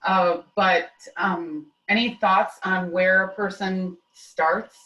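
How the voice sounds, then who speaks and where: A woman joining a webinar, asking a hesitant, halting question. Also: medium pitch, steady tone, bright, forceful tone, dull audio. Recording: distant echoey room mic.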